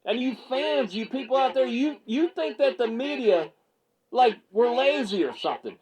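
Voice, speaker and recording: A man's voice: very high voice, animated, normal speed, darkish tone, breathy edge, rough recording. A male MMA media host in a fired-up reaction rant, stammering and repeating himself as he gets worked up on his small video set.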